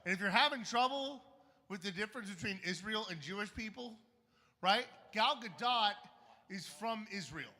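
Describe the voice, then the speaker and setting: A man doing a stand-up set on a comedy club stage, wry and punchy with dark jokes. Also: sits high, lively intonation, moderate pace, big-room sound.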